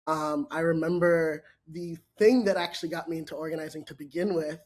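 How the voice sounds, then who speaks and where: A man's voice: fairly high pitch, steady tone, brisk, a little mellow. A man from Minnesota speaking as a panelist and organizer, reflective and casual with frequent fillers.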